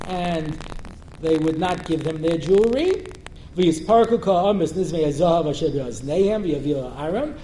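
Man, rabbi's Torah class, high voice, mellow tone, animated joking storyteller, roomy hall. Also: moderate pace. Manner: animated storyteller, translating Hebrew verses and joking. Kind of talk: Torah lecture with humorous asides. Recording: roomy lecture-hall recording with faint noise.

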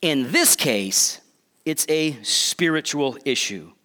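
Middle-aged male pastor mid-sermon, slightly high voice with lively swings, conversational asides. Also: slow pace. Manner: animated preaching with repeated restarts and asides.

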